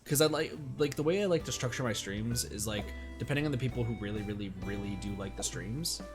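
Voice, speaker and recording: A man's voice: mid-range voice, fast, faint music behind. A man casually chatting to his viewers while streaming a video game, rambling and thanking chat by name. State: hiccups.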